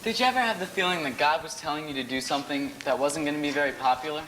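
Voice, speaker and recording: A young man playing an earnest, gently religious teenage boy in a stage musical, easygoing and joking. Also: on the high side, rapid-fire, a little hiss or hum, poor audio.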